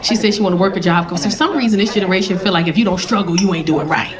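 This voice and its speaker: A woman's voice: medium pitch, racing. A woman stand-up comedian telling a story about her daughter in a blunt, profane way, with a live crowd laughing behind her. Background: audience laughter.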